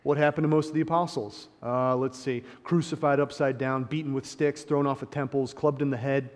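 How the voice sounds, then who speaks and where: A man preaching a sermon, impassioned, swinging between hushed reflection and emphatic points, with sarcastic asides. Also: mid-range voice, fairly even intonation, a little fast. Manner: sarcastic paraphrasing of opponents. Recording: long hall reverb.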